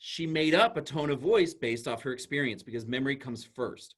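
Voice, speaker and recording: Husky, lively man giving a talk. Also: mid-range voice, fairly quick, hardly any pauses. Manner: animated storyteller using everyday examples. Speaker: school psychologist giving a talk. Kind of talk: presentation to an audience.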